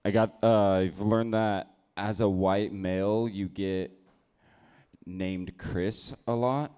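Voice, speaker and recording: A young man doing a stand-up set at a comedy club on a handheld mic, telling his stories in a laid-back deadpan way. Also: on the low side, slow, clear, resonant tone.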